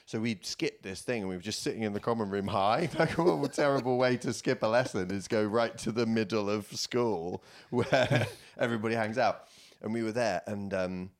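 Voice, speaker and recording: Low-pitched guy on a chat podcast, telling a story and playing the people in it. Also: normal speed, hardly any pauses. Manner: telling an anecdote, acting out quoted voices. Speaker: podcast co-host.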